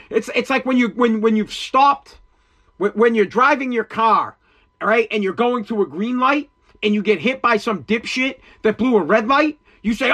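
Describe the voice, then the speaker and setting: A man's voice: extremely high pitch, normal speed, pushed and bright. A man hosting his own podcast, ranting angrily and profanely about responsibility, repeating himself as he gets worked up. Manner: profane, heated, repetitive. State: agitated. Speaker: podcast host. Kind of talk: angry ranting monologue.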